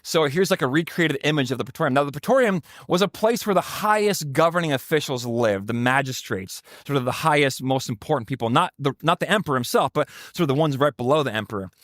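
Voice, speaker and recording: A man's voice: fairly high pitch, animated, fast, few pauses, a bit bright, no echo. Conversational man preaching a sermon, dry sound. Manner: conversational, joking asides to the congregation. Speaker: pastor.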